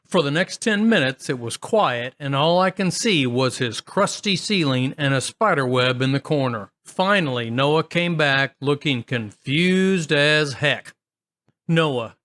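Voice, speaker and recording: A man's voice: on the high side, fairly bright tone. A man casually reading online stories aloud, adding wry, chatty comments between them. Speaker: story narrator.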